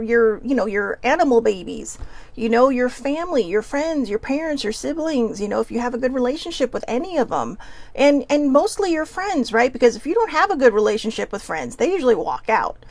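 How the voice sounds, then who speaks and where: A woman's voice: on the high side, big pitch swings, fairly quick, a little mellow. Giggly, swearing woman reading oracle cards. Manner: giggly, chatty, swears freely, goes off topic. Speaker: host of a live oracle card reading. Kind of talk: casual live card reading.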